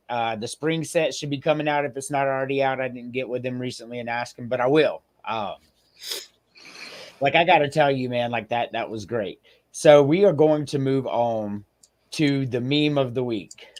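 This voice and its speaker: A man hosting a casual sports podcast, animated, laughing often and swearing freely. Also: fairly high pitch. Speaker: podcast host.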